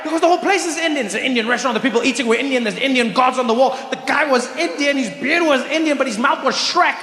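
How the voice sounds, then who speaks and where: High-voiced man doing stand-up in an echoey hall. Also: quick pace. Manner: animated, exasperated, rising to shouts. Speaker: stand-up comedian. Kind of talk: stand-up comedy storytelling. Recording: echoey hall with faint noise.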